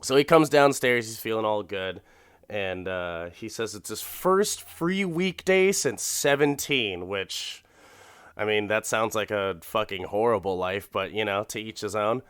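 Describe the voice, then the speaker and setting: A man's voice: fairly low pitch, expressive, a little slow, a bit bright, clean tone, dry recording, studio quality. Profane, laughing man recapping. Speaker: podcast host. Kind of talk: comedic episode recap.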